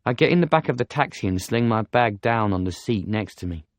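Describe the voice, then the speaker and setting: A man reading a novel aloud as an audiobook narrator, in steady first-person storytelling. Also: on the low side, a little fast, dry recording, clean studio sound.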